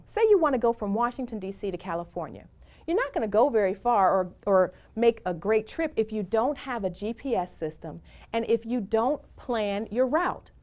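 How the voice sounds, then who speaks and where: A woman's voice: on the high side, a little mellow. A middle-aged woman giving a motivational presentation, speaking in an emphatic, encouraging way and telling personal stories.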